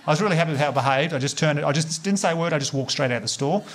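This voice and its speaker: An Australian man performing a stand-up comedy set, telling stories in a laid-back, sweary, deadpan way. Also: fairly high pitch, rapid-fire. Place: live comedy venue with audience laughter.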